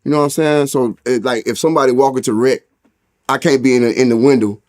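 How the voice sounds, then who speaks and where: He's from St. Louis, USA, and speaks fast in a medium-pitched, steady, darkish voice with a St. Louis accent. While telling a story as an interview guest, he leans on street slang and lots of cursing, acting out quotes in a raised voice.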